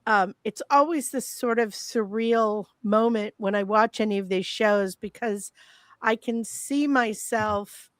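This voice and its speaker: Gravelly-voiced woman speaking slowly. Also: mid-range voice, no echo. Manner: reflective, warm storytelling with laughs. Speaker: guest, former child actress. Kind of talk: casual panel chat.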